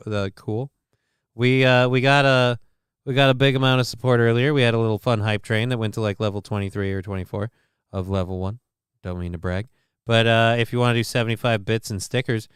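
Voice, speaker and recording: A man's voice: medium pitch, clear, resonant tone, dry recording, clean studio sound. A man streaming live, rambling through casual commentary, swearing and thanking viewers in chat. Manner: rambling, crude, reads out chat names.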